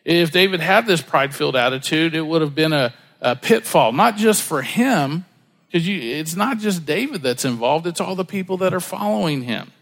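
Male pastor, middle-aged, sermon, chatty delivery, slightly high-pitched. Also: animated, moderate pace, gravelly, fairly bright tone, long reverb tail. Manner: conversational preaching, acts out quoted voices.

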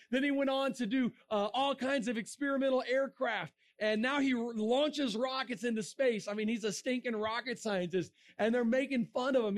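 A man giving an energetic sermon to young people, dramatic and storytelling, bursting into shouts and sound effects. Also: high voice. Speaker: speaker addressing young people. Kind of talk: animated sermon talk.

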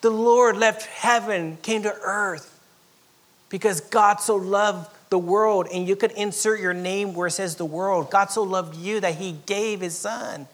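Pastor, male, from Southern California; dynamic preaching with loud and near-whispered passages. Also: high-pitched, steady tone, unhurried. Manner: dynamic preaching, swinging from loud emphatic lines to soft near-whispers, with chuckles. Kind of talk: sermon.

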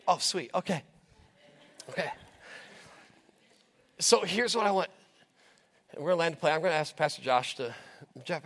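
A middle-aged American pastor preaching with passion, his voice sitting high for a man. He exhorts the congregation, keeps breaking into asides, and sounds sweaty and short of breath. His words ring out with a long reverb through a big church sanctuary. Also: a bit bright. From United States. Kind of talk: sermon. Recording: long reverb of a large hall.

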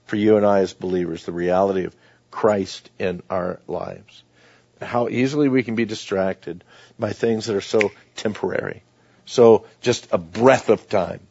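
A man's voice: fairly low pitch, a little slow, gravelly, a little mellow, slightly rough. A man preaching a sermon, reading scripture aloud and then explaining it in plain conversational words. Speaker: pastor. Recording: dull, dry lo-fi sound.

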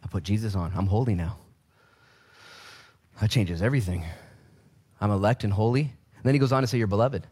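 A man's voice: fairly low pitch, moderate pace, long pauses, darkish tone, husky. Man, pastor, 30s, sermon, joking asides, acted-out voices.

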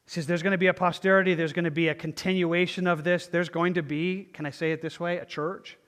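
A pastor preaching a sermon and reading scripture aloud, slow and reflective, letting his phrases fade softly at the ends. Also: a little high, little pitch movement. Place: church sanctuary with lights dimmed. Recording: long reverb of a church hall.

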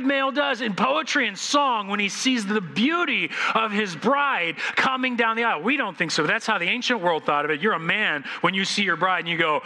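Animated preacher man in a reverberant hall. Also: high voice, a little fast. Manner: animated, acting out scenes with playful voices. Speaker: pastor. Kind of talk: sermon. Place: church sanctuary.

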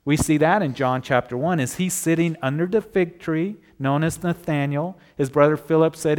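A man's voice: fairly high pitch, moderate pace, few pauses, a little mellow. A male pastor preaching a sermon in a conversational way, asking his listeners rhetorical questions.

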